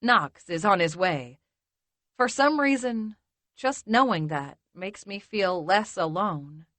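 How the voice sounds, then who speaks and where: A woman narrating a first-person romance audiobook in a measured, intimate way. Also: medium pitch, animated, fairly bright tone, no echo.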